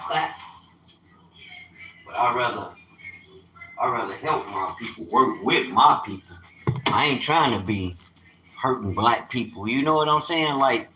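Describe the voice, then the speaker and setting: Streetwise man in his fifties, bright forceful voice, echoey room with faint ambient noise; animated storyteller on a casual stream. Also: on the low side. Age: 50s. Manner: animated, streetwise, swearing, loud outbursts. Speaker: livestreamer.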